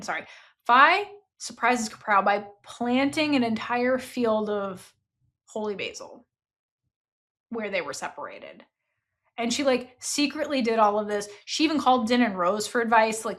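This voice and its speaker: A woman hosting a book podcast in casual chat, animated and laughing often, with frequent fillers and swearing. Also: on the high side. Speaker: podcast host reviewing a novel.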